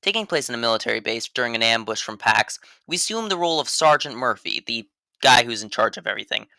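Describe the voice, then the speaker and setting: Sarcastic guy doing a scripted game review voiceover, bright punchy voice, dry close sound. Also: mid-range voice, lively intonation, fast talker, vocal fry, dry recording. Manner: sarcastic, mock-serious delivery. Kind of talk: scripted voice-over commentary.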